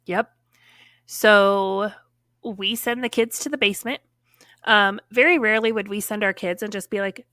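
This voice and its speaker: A woman telling a personal story on a podcast in a casual, animated way, full of fillers and acted-out quotes. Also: mid-range voice, normal speed, no echo, clean studio sound.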